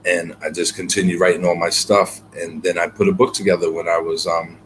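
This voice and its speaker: A man's voice: sits low, little pitch movement, a little fast, a bit bright, slight background noise. A man being interviewed as a guest poet, telling his story earnestly and reflectively, with many fillers and repeated words.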